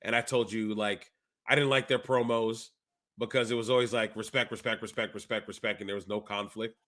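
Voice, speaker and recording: Bright-voiced man, casual podcast co-host. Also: fairly low pitch, brisk. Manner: animated storyteller, acts out quotes. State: sick. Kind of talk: casual chat.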